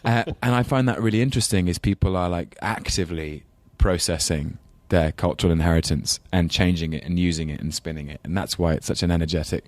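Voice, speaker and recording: Low-voiced London man, halting and thoughtful. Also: no echo. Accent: London English. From England. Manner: thoughtful, hesitant, full of ums and restarts. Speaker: podcast guest. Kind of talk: casual interview chat.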